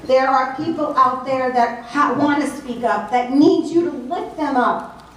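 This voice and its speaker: A woman's voice: high-pitched, measured pace, fairly bright tone, a little hiss or hum. A woman with a Southern American accent giving a political speech, delivering points emphatically in list-like runs. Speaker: speaker at a political event. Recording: very echoey hall, voice from far off.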